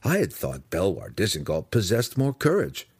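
Man voicing an intense dark elf warrior, low husky voice, lively pitch. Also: normal speed, dry recording, exaggerated voice. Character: earnest young male dark elf warrior.

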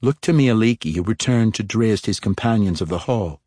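A cool, composed young dark elf woman, as a male narrator puts her on, speaking with calm poise. The voice stays low, with a dry, close audiobook sound. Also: a little fast, dry recording. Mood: poised.

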